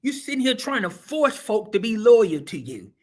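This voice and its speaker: A man's voice: high-pitched, big pitch swings, normal speed. A man hosting and preaching a sermon-style motivational talk, emphatic and folksy, with a repeating preaching cadence. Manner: folksy, colloquial and direct. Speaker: host and preacher.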